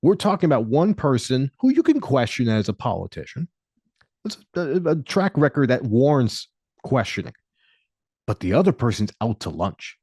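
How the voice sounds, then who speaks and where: A man co-hosting a podcast, chatting casually about politics in an animated, storytelling way. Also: mid-range voice, moderate pace, slightly rough, dry recording, studio quality. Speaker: podcast co-host.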